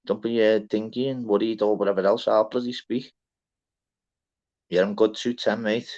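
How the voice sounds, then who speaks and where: A man's voice: on the low side, steady tone, moderate pace, a little mellow. A young Scouse man hosting a casual livestream, chatty and sweary, greeting viewers by name. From Liverpool, England. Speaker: livestream panel host. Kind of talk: casual live chat. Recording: dull lo-fi stream audio.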